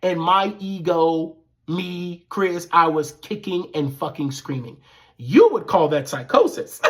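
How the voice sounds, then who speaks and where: Male vlogger, slightly high voice, casual storytelling, animated and profane, acts out quoted lines. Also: normal speed.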